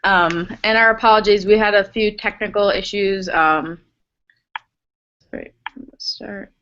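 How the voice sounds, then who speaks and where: A woman's voice: medium pitch, steady tone, unhurried, a bit bright. A woman presenting a grant application webinar, chatty and apologetic, with many fillers, over a video call. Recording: dull lo-fi online call audio.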